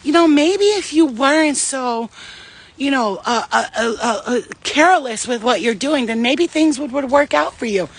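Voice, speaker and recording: A woman voicing a condescending, passive-aggressive woman who talks slowly and falsely sweetly with hesitant fillers. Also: high voice.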